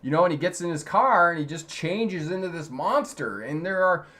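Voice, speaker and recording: A man's voice: a little high, expressive, normal speed, bright, forceful tone. A middle-aged man hosting a driving-lesson live stream, chatty and laughing often as he reads chat questions and repeats key points.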